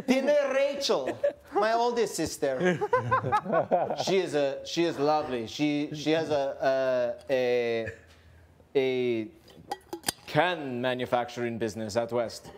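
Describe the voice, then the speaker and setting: Brief: playful woman houseguest, giggly, drawn-out unhurried delivery, body mic. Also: a bass voice, noisy background. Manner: giggly, playful, laughs between words. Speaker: reality show houseguest. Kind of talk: casual chat.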